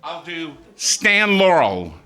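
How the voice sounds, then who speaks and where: A man's voice: on the high side, very animated, slow pace, noisy background. A man doing a stand-up comedy set on a comedy club stage, telling self-mocking jokes and chuckling through his punchlines.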